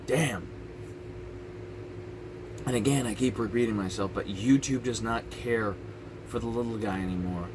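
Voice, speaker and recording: A young adult YouTuber vents his frustration on a vlog filmed at his parents' house, rambling and restarting his sentences. His fairly low voice is a little slow with frequent pauses, and there's background noise.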